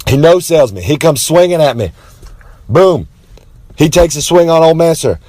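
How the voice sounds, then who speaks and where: A brash man with a drawl spins a rambling comic tale. He swaggers through it with boastful asides and drawn-out dramatic pauses, talking about himself in the third person. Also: a little high, very animated, a little mellow, no echo. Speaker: wrestler telling a story. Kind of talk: rambling comic storytelling monologue.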